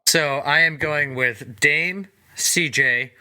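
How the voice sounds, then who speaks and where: A man guesting on a sports podcast, speaking deliberately with frequent restarts and the odd joke. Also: fairly high pitch, pushed and bright, clear, resonant tone. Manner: deliberate, stammers on restarts, jokey. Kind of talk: casual sports podcast chat.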